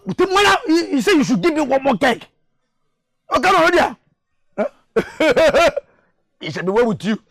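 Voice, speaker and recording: A man's voice: very high-pitched, sing-song, measured pace, long pauses, a bit bright, full character voice. An actor playing a drunken, boastful village man who rambles, stammers and hurls insults, in a film drama. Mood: drunken demanding. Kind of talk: Nollywood film acting.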